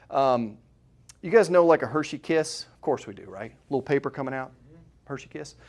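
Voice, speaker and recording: A man's voice: medium pitch, a little mellow. A middle-aged man, a chiropractor, giving a live seminar talk to an audience in a room, conversational and full of rhetorical questions.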